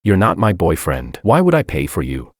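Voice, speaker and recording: Man reading as bold teasing young woman, deep voice, lively lilt, dry close sound. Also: moderate pace, no room sound, full character voice. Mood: cold.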